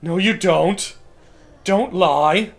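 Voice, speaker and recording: A man streaming a game with casual, excitable commentary, laughing often and swearing freely. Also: high-pitched, drawn-out words, creaky, soft background music.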